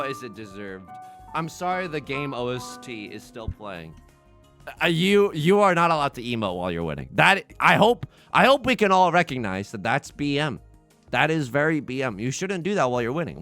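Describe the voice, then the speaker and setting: A young man giving casual, excitable commentary on his own gameplay, talking to viewers and trash-talking opponents. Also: medium pitch, moderate pace. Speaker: let's play host. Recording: game music underneath.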